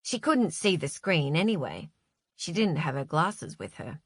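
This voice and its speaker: Expressive woman audiobook narrator. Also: low voice, breathy edge, no room sound, studio quality. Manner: expressive, measured storytelling. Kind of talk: scripted narration.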